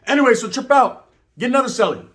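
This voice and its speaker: A man telling a casual story in a profane, animated way, acting out the voices of other people as he goes. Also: extremely high pitch, fast talker. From California.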